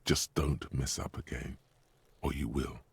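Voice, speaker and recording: Guy putting on a super deep raspy inner voice, warning you low and grim. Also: fairly even intonation, unhurried, dry recording, exaggerated voice. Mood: ominous. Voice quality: gravelly, husky.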